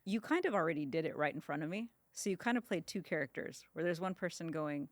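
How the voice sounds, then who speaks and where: A woman guest in a podcast interview, talking quickly and casually, laughing often and acting out sample ad lines. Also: low voice, expressive, dry recording. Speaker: guest, ad creator.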